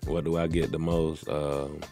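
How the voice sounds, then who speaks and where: A man who is a comedian guest, talking in a laid-back, casual way with a slight stutter and loud laughs. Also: very deep voice, little pitch movement, measured pace, soft background music. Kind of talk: casual interview chat.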